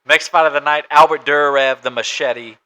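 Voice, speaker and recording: A man's voice: on the high side, steady tone, moderate pace, sharp tone, smooth, low-quality recording. A man co-hosting a casual sports podcast, matter-of-fact as he runs through stats and betting odds. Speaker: podcast co-host.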